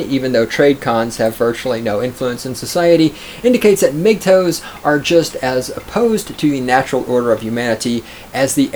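A man reads an article aloud and comments on it casually, swearing, being sarcastic, and often mocking others in a raised put-on voice. His pitch is medium, with slight background noise.

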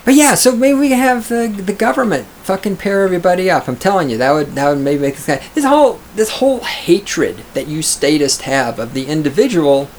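A man's voice: sits high, sing-song, brisk, hardly any pauses, a little hiss or hum. Profane, sarcastic male commentator. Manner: profane, sarcastic, mocks others in raised mimicking voices. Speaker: commentator reading and reacting to an article. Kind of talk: casual reaction commentary.

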